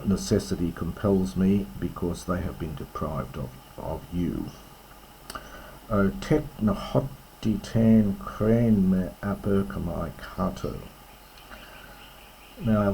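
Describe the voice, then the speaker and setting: Man, low voice, mellow tone, careful classics lesson, faint background noise. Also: low-quality recording. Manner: slow, careful, with fillers and self-corrections. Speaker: classics teacher. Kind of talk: reading and explaining ancient Greek verse.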